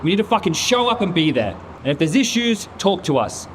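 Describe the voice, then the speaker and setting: Casting note: fed-up man tearing into a teammate, a bit high-voiced, faint hum behind. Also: big pitch swings, a little fast. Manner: angry, swearing lecture. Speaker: caster in a comedy sketch. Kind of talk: scripted comedy sketch.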